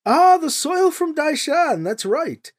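A woman's voice: sits high, very animated, slow pace, pitched above the performer's own voice, exaggerated voice. A woman voicing a courteous, formal male officer who speaks politely and cheerfully.

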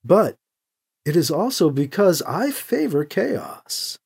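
Man voicing a calm, smooth alien leader. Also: high voice, exaggerated voice. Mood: calm menace. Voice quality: smooth, measured translator voice.

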